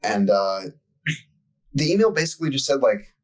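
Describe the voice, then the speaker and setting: A man's voice: mid-range voice, sing-song, normal speed, rough recording. A young man telling a profane, exasperated story in casual podcast chat as co-host.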